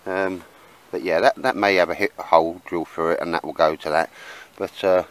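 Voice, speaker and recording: A man's voice: low voice, fairly even intonation, fairly quick, fairly bright tone, poor audio. A man chatting casually in a rambling way with lots of fillers while he shows his camp gear outdoors in the woods. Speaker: bushcraft vlogger.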